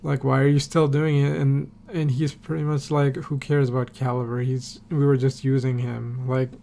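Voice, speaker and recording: A man's voice: medium pitch, level tone, normal speed, creaky, dark tone, a little hiss or hum. A man recapping a TV episode on a podcast in a casual, rambling way, full of fillers and casual swearing. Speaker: podcast host.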